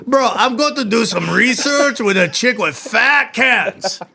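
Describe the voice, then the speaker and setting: A man's voice: very high voice, expressive, measured pace, gravelly, bright, forceful tone. A man hosting a podcast in casual chat, running through sponsor plugs with self-mocking jokes. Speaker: podcast host.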